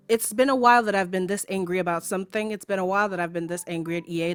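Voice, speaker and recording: A woman streams from home, ranting angrily to her live chat with swearing and sarcasm and repeating points for emphasis. Her voice is on the low side with a fairly bright tone.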